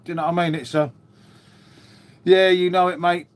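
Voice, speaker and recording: A man's voice: high voice, little pitch movement, fairly quick, clean tone. Chatty middle-aged man, matey. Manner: chatty, matey, peppers talk with "mate" and "um". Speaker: livestream host. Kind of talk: casual live chat with viewers.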